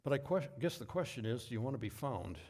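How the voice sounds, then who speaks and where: A man giving a sermon as pastor, telling stories in a relaxed, folksy way with asides and self-corrections. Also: mid-range voice, quick pace, breathy edge.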